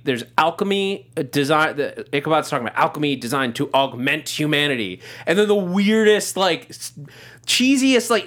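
A man's voice: fairly high pitch, a bit bright. A man co-hosting a podcast, chatting casually about a TV show, rambling with many restarts and laughing often. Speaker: podcast co-host. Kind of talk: casual TV recap chat.

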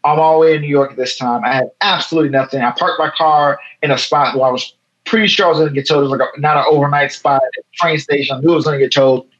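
A man in his thirties from Chicago, a guest in a casual interview, telling a story in a lively way and acting out the lines of other people. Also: a little high, rapid-fire, highs cut off. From Chicago, USA. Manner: animated, acts out quoted dialogue. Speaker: guest photo editor.

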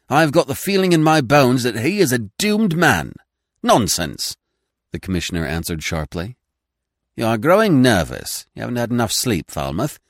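A lower-voiced man reads a classic detective tale aloud, swinging his pitch widely as he moves through the narration and the dialogue. The sound is dry and close, with no room around it. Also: no room sound. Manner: reads all characters in one voice, lively and expressive. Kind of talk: audiobook reading of a classic story.

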